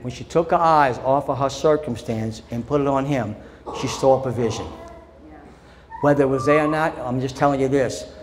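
Impassioned preacher in a reverberant church. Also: male voice, medium pitch, normal speed, crowd noise. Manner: impassioned preaching that swings from loud declarations to quiet storytelling. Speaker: pastor. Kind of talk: sermon. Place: church sanctuary. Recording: long church reverb with faint background noise.

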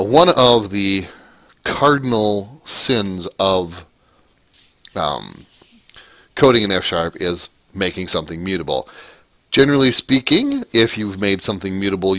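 A man with a low voice hosts a casual programming tutorial, thinking aloud as he works. He rambles, restarts his sentences and corrects himself. He is recorded dry and close, with keyboard typing heard behind him. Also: sharp tone, no echo. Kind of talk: casual screencast coding lesson.

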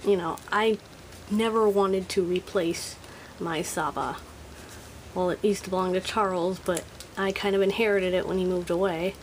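In a noisy recording made at home, a woman with a lowish, fairly even voice speaks at a moderate pace. She chats casually and nostalgically, thinking aloud as she shows off her old toy collection.

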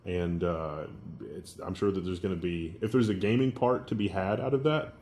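A low-pitched man co-hosting a casual tech news show. He explains the hardware details knowledgeably, laying out the technical points for viewers. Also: fairly even intonation, moderate pace, darkish tone, slight background noise.

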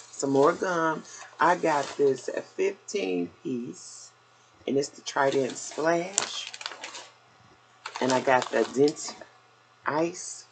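Older lady showing off her haul, slow gravelly talk, bit out of breath, noisy home recording. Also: sits low. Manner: chatty, down-home, addresses viewers as y'all. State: a little out of breath. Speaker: vlogger. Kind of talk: casual haul video chat.

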